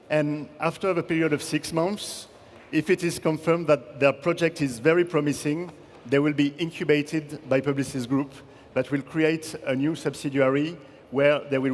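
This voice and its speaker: Man hosting an awards ceremony in a hall. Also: a little high. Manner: courteous, directing people on stage. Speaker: ceremony host. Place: large conference hall. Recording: hall reverb, audience and ambient noise.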